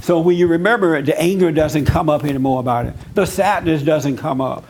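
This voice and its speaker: Male pastor, slightly high voice, conversational preaching style, talks to the congregation. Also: fairly quick, a little mellow, a little hiss or hum. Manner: personal testimony, conversational teaching; casual speech with fillers. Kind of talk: church talk with audience.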